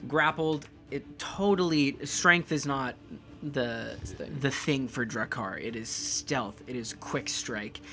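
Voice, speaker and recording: A man narrating as game master of a tabletop game, animated and quick to laugh, with dramatic narration. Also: medium pitch, faint music behind.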